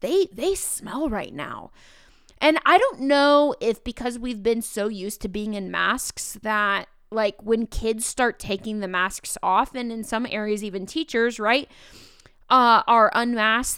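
Teacher-host woman, casual storyteller, a touch of vocal fry, dry close mic. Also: fairly high pitch, no echo. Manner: animated, acts out students' voices in quotes.

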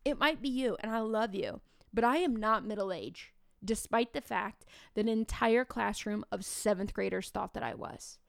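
A woman in her thirties, a teacher co-hosting a podcast, telling classroom stories with lively, acted-out dialogue. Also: medium pitch, moderate pace, vocal fry, no room sound, clean studio sound. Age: 30s. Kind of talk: casual podcast chat.

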